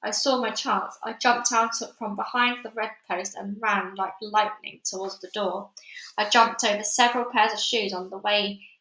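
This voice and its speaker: A woman's voice: medium pitch, fairly even intonation, normal speed, sharp tone. A woman reading a children's novel aloud, then signing off in a chatty way to her listeners. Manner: chatty, informal sign-off. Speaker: storybook reader. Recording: echoey room.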